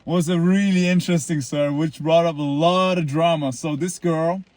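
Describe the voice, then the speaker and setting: A man's voice: fairly high pitch, steady tone, moderate pace, a little mellow, no echo. A man in his twenties telling a story to a camera outdoors in the cold, rambling and boastful, full of likes and restarts. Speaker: vlogger.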